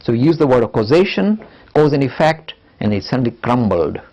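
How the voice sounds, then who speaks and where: An older man teaching a lecture on religion, animated, acting out the voices of imagined arguers. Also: medium pitch, brisk, low-quality recording. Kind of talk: lecture to students.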